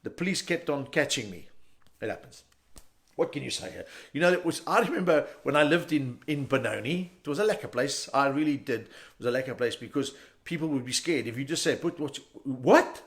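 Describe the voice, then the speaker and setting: A middle-aged man with a South African accent performing a stand-up comedy set, an animated storyteller who jumps into loud character voices. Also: mid-range voice, fairly quick. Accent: South African English.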